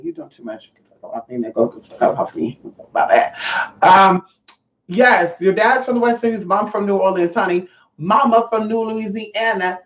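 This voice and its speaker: A woman hosting a casual livestream, reading chat aloud, swearing freely and calling her viewers honey. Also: fairly low pitch. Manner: brassy, profane, calls viewers honey. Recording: roomy, distant, dull lo-fi mic.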